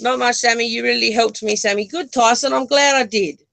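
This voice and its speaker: An Australian livestream co-host, chatting with the viewers from a bedroom into a phone propped on a selfie stick. The voice is gravelly with a bright, forceful edge, and the talk is loose and full of giggles. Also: medium pitch, fairly even intonation, fairly quick, rough recording. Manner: giggly, chatty, talks to the chat. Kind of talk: casual livestream chat. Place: own bedroom.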